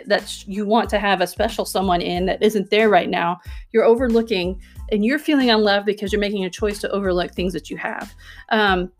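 A woman hosting a self-help podcast, talking earnestly and coaching her listeners, often checking in with "okay?" and "right?". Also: mid-range voice. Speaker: podcast host.

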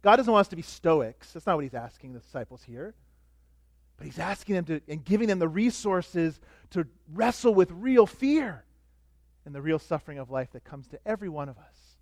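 A middle-aged man preaching a sermon as pastor, animated, dropping to soft asides. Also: fairly high pitch, a little fast, no echo, studio quality.

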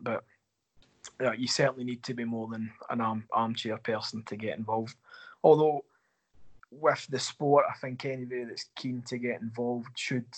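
Scottish man, halting hockey coach guest. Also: medium pitch, low-quality recording. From Scotland. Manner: halting, repeats words while thinking. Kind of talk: casual podcast interview.

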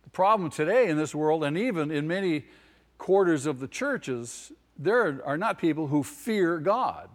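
A male pastor delivers an emphatic sermon in a church hall, his voice on the high side, expressive, and a little slow, surrounded by long hall reverb. He repeats key phrases and asks the congregation questions directly.

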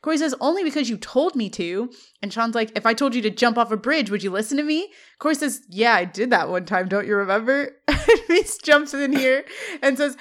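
Bright-voiced woman recapping an episode. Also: on the high side, lively intonation, fairly quick. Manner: retells scenes, quoting the characters' lines; laughs often while recounting. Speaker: podcast co-host. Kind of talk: scene-by-scene recap.

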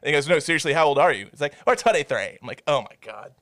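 A man's voice: a little high, lively intonation, rapid-fire, a bit bright, no echo, studio quality. A man hosting a casual podcast with friends, telling stories with lots of swearing and repeated stammers. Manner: rambling, profane, stammers and does silly voices. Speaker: podcast host. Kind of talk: casual chat.

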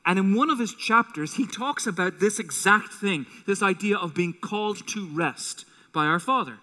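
A man preaching a sermon as pastor, animated and acting out quotes with a rising voice, in a church auditorium. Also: high voice, moderate pace. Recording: long hall reverb.

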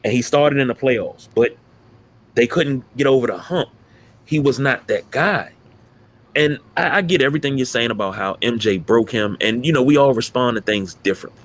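A man co-hosts a casual sports talk podcast, ranting emphatically and profanely about players. His voice is mid-range and his pace moderate.

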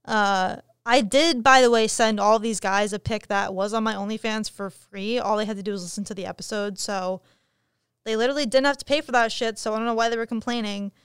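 A woman's voice: medium pitch, steady tone, a little fast, clear, resonant tone, no room sound, clean studio sound. Blunt, profane young woman podcaster. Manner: frank, profane, jokey storytelling. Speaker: podcast host. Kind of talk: casual solo podcast chat.

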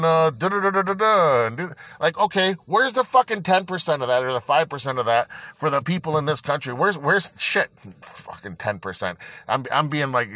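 A man's voice: mid-range voice, sharp tone, no echo. A man hosting his own podcast, ranting angrily and heatedly with constant swearing and rambling restarts. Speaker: podcast host. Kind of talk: angry ranting monologue.

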